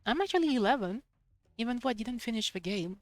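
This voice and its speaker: A young woman streaming a video game live, chatting excitedly to herself while she plays. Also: on the high side, fast, no room sound. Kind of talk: live gameplay commentary.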